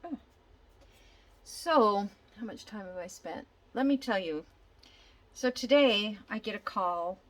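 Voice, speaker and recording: A woman's voice: mid-range voice, lively intonation, slow, pauses often, rough recording. An older woman chatting casually as she works on a craft project, thinking aloud and telling a long, rambling story. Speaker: junk journal crafter.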